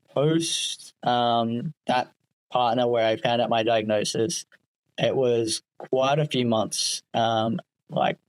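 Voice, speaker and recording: A man, a podcast guest, talking candidly and haltingly with many fillers. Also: mid-range voice, low-quality recording. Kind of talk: casual podcast interview.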